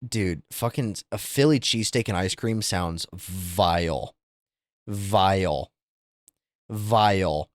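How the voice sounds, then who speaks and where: A young man streaming live, chatting casually with viewers and reacting to things with loud, incredulous, profane outbursts. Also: on the low side, dry recording, studio quality. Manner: incredulous, swearing, exaggerated reactions.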